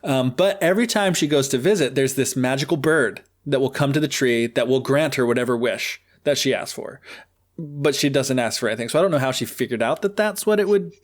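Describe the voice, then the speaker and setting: A man's voice: mid-range voice, fairly quick. A male podcast host retells a fairy tale in a loose, joking way. He is chatty and full of fillers. His voice sits in an ordinary middle register. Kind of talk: casual storytelling.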